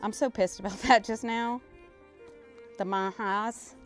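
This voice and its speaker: A woman's voice: fairly high pitch, measured pace, pauses often, soft background music. Chatty Louisiana woman streaming. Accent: South Louisiana. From South Louisiana. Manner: chatty, rambling, swears, easily excited. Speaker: live streamer. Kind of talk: casual livestream chat.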